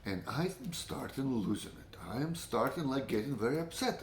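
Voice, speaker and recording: A man telling a personal story to his audience in an animated, emphatic way, repeating words and swearing. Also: medium pitch, normal speed, few pauses. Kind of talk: personal anecdote told to an audience. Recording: roomy echo.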